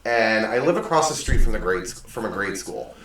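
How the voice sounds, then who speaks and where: A man's voice: lowish voice, animated, a little fast, fairly bright tone, slight background noise. Rambling man host in an echoey room. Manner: rambling, self-correcting, self-deprecating. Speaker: show host. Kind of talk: casual monologue storytelling. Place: desk in a home studio. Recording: echoey room, mic at a distance.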